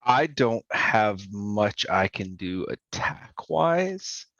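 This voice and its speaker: Male tabletop player, low voice, methodical thinker, dry lo-fi recording. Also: animated, drawn-out words, vocal fry, fairly bright tone, no room sound. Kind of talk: tabletop game play.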